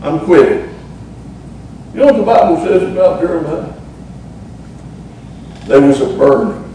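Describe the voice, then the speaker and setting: A man's voice: a little high, lively intonation, normal speed, dark tone, slight background noise. A middle-aged man with a Southern Appalachian accent preaching a sermon as pastor, folksy and humorous, drawing out words for emphasis. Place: church sanctuary. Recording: echoey church, mic at a distance.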